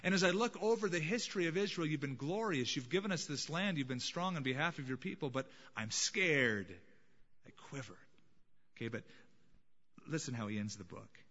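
A male pastor preaches with a bright, forceful voice pitched a little high, moving between hushed moments and emphatic declarations. The recording is dull and lo-fi, and a long reverb carries through the church sanctuary. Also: fairly quick. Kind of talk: sermon.

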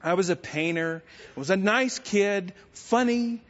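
A man's voice: high voice, measured pace. A middle-aged male pastor preaching a sermon, telling stories with self-deprecating humor. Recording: dull sound with long church-hall reverb.

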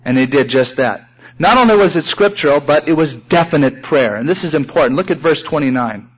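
A man preaching a sermon, animated, acting out sample prayers in raised voices. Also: a little high, a little fast, husky. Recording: dull lo-fi recording.

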